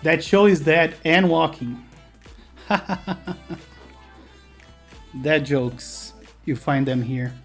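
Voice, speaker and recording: A man's voice: on the high side, very slow, pauses often, soft background music. A man from Brazil, a native Portuguese speaker with a Brazilian accent, chatting casually on a live stream and answering chat while he builds.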